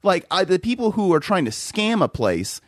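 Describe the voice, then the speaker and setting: A man's voice: high voice, big pitch swings, normal speed, no echo, studio quality. A man co-hosting a podcast, telling exasperated, profane stories about rude customers in casual chat. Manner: profane, exasperated storytelling with laughs. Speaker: podcast co-host.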